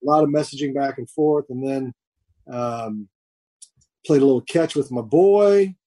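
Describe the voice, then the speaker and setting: A man's voice: mid-range voice, a little slow, dark tone, dry recording. A man in his fifties co-hosting a podcast over a remote call, chatting casually and jokily with lots of fillers and restarts. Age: 50s. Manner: rambling, jokey, many fillers and restarts. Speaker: podcast co-host. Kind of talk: casual chat. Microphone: remote call mic.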